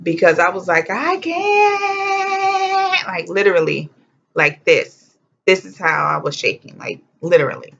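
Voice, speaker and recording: A young woman telling a personal story to camera in a casual, animated way, blunt and swearing freely, acting out what people said. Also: low-pitched, moderate pace, gravelly. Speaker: vlogger. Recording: dull lo-fi sound.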